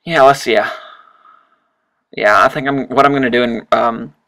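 A man giving casual, rambling commentary while playing a strategy game, full of fillers and sudden excited exclamations. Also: mid-range voice, moderate pace, slight background noise. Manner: rambling, chatty, frequent fillers and self-corrections. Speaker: let's-play host.

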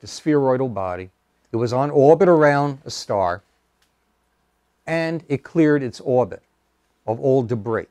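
A man lecturing to a local astronomy club, his voice sitting at an ordinary middle pitch. He speaks casually and haltingly, filling pauses with "uh" and dropping wry little asides. The sound is dry and close, with no room echo. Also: darkish tone. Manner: hesitant, many fillers, wry asides. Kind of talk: public lecture with slides. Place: meeting room.

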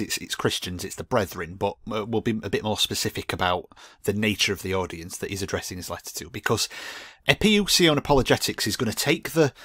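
This is a studio-quality clip with no echo, featuring a man whose voice sits lowish and sounds fairly bright. Arguing hard against a preacher in a Christian commentary video, he restarts often and repeats words while citing scripture on his own.

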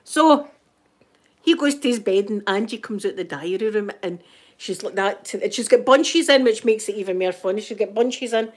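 A Scottish woman telling a story in casual chat, gossipy and animated, often checking in with her listener. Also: medium pitch, normal speed. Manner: laughs often while telling. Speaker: channel host.

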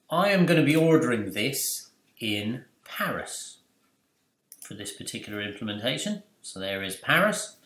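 A man presenting a screen-recorded software tutorial, chatty and explanatory, asking and answering his own questions. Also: medium pitch. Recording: roomy echo.

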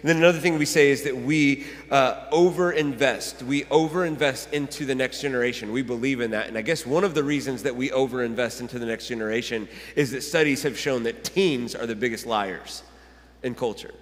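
A man in his thirties preaching a sermon, telling stories with lively laughs and stumbling restarts. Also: medium pitch, brisk, big-room sound. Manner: animated storytelling with laughs and self-corrections. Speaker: pastor. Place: church sanctuary.

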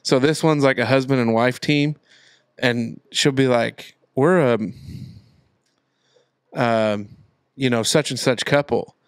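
A man's voice: mid-range voice, takes it slowly, long pauses, clear, resonant tone, no echo, studio quality. Man retelling clips on a podcast. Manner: animated retelling of videos. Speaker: podcast co-host. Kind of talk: casual chat. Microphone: studio microphone.

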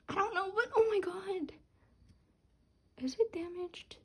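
Excitable young woman, high-pitched, unhurried. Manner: excitable, gasping and squealing at pulls, halting restarts. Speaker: vlogger. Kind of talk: casual unboxing chat. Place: home room.

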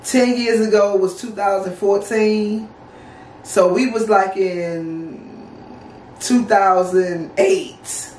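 A woman in her thirties with a DC-area accent, telling a casual storytime in a blunt, profane, animated way and acting out the dialogue. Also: mid-range voice, slow, slight background noise. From Washington DC area. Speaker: vlogger. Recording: roomy, mic at a distance.

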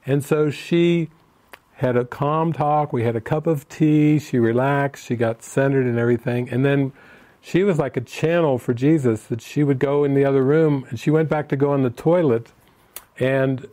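Male spiritual teacher, mellow tone, storytelling retreat talk, acts out the people he quotes. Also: mid-range voice. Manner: answers written questions from participants.

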